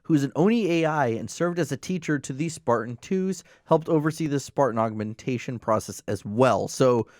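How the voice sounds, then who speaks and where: A man's voice: mid-range voice, expressive, normal speed, hardly any pauses, a little mellow, no room sound, studio quality. A man co-hosting a casual gaming podcast, reading out lore entries and then commenting on them. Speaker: podcast co-host.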